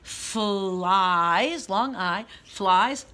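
A woman teaching a guided reading lesson for young children, sounding out letters clearly, reading quoted words loudly, and praising them often. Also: mid-range voice, animated, slow pace, slight background noise. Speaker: preschool teacher.

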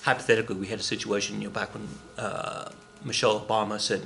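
A man's voice: fairly low pitch, fast talker, creaky, fairly bright tone, a little hiss or hum. A middle-aged man from Oklahoma, a history teacher giving a casual recorded lecture, chatty, with joking asides and many fillers and restarts.

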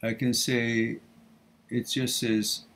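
A man's voice: medium pitch, flat delivery, takes it slowly, a bit bright. A middle-aged man hosting a live question and answer stream, talking casually and laughing often. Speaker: host. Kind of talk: live Q&A talk.

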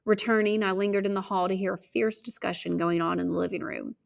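A woman reading a novel aloud, expressive, shifting her pace and volume. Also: medium pitch, fast talker, vocal fry. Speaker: audiobook reader.

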